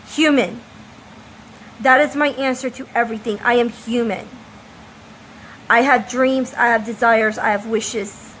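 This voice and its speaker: A woman's voice: a little high, a bit bright, a little hiss or hum, low-quality recording. A woman from the United States speaking an emphatic, impassioned opinion monologue as a vlogger. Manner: impassioned, emphatic, slow deliberate delivery.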